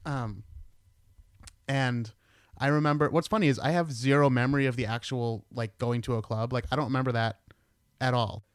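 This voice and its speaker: A man's voice: medium pitch, steady tone, moderate pace, clear, resonant tone, dry recording, studio quality. A middle-aged American man hosting a podcast, chatting casually and telling stories with the odd swear word. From United States. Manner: laid-back, swears casually, tells stories. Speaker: podcast host. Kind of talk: casual chat.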